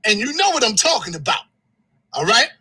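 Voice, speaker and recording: A very high, bright, husky man's voice that rises and falls sharply. He rants angrily on his own livestream, shouting and cursing with heat. The voice stays forceful and strained throughout. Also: very animated, brisk, poor audio. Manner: heated, shouting, cursing, swinging pitch. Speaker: live streamer. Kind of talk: angry livestream rant.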